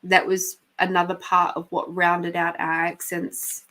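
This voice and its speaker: Female live-stream host, New Zealand accent, slow and chatty, laughs a lot. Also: lowish voice, completely flat delivery, sharp tone. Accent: New Zealand, softened by years in South Australia. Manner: chatty and unhurried, laughs often. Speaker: podcast host and intuitive reader. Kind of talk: casual live-stream chat, reading out viewer comments.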